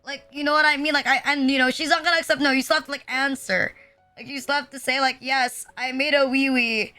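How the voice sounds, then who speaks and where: Young woman streamer, high bright voice, rambling crude chatter, faint music under. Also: fairly even intonation, fast. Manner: rambling, filler-heavy, crude joking. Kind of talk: casual live-stream chat.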